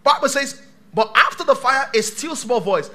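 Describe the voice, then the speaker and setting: A male pastor preaching a sermon to a live church congregation, dramatic, swinging from shouts to hushed tones. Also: very high voice, lively intonation, moderate pace.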